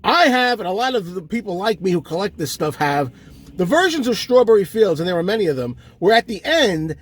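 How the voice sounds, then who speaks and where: A man with a very high, husky voice delivers a comedic rant. He sounds exasperated and throws insults at his listeners, his pitch swinging widely as he goes. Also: very animated, a little fast. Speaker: comic ranting host.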